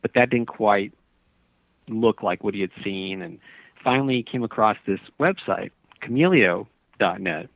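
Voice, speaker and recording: Animated and at normal speed, a man with a fairly low voice recounts a long, meandering story with earnest sincerity and many restarts. He's an author being interviewed on radio by phone, and the line is tinny and dry with no echo.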